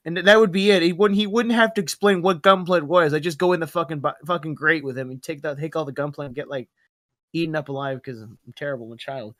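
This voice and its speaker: A man's voice: a little high, fast, no room sound, clean studio sound. A young man hosting a podcast in casual chat, rambling, swearing freely and stumbling over his words. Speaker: podcast host.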